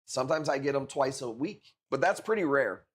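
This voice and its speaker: A man's voice: mid-range voice, animated, fairly quick. Laid-back profane man in his forties. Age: 40s. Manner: laid-back, profane, peppered with dude and bro. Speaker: live-stream coral seller. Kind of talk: casual live-stream chat.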